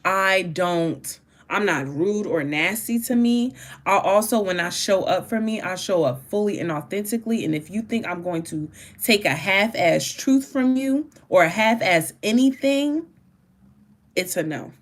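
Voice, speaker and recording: In a mid-range voice at a measured pace, a tarot reader gives a casual reading full of emphatic rambling. She curses freely and bursts into sudden laughter.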